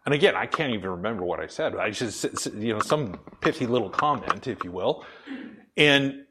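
A middle-aged man with a deep, full radio-style voice, preaching a conversational sermon as pastor with many fillers and restarts. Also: lively intonation, brisk, background noise.

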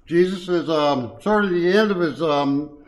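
On poor audio, a slightly high and slightly slow voice belongs to an older lay speaker delivering a brief, casual devotion at a Bible study. Folksy and chuckling, he fills his talk with uh's and um's, leaning harder into the words when reading scripture.

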